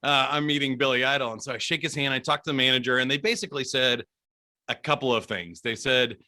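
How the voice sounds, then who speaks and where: Bright, animated man telling stories. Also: medium pitch, fast. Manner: animated, chatty, laughs often. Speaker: guest, DJ. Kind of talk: casual storytelling interview.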